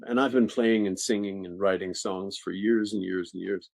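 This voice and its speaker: Older male actor, low voice, lively raconteur, dry sound. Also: moderate pace, creaky, dry recording. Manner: animated, laughing, restarts sentences. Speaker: actor guest. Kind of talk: interview storytelling.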